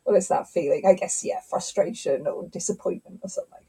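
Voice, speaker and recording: A middle-aged woman, a scientist and author, telling stories in a lively conversational interview. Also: lowish voice, brisk, gravelly, breathy edge, poor audio. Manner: animated storyteller, acts out quotes.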